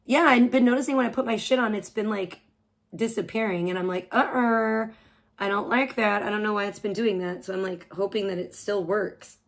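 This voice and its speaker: A woman's voice: mid-range voice, fairly even intonation, brisk. A woman live streamer ranting crudely, hurling insults and rambling on. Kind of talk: profane livestream rant.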